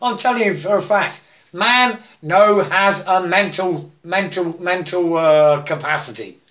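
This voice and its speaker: A man giving a halting, repetitive spiritual monologue, breaking into chanted mantras and laughing to himself. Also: high voice, a bit bright.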